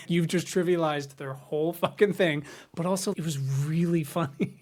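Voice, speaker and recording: Animated, swearing male podcast co-host. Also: on the high side, normal speed. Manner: animated storyteller, swears freely, acts out quotes. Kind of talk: casual chat.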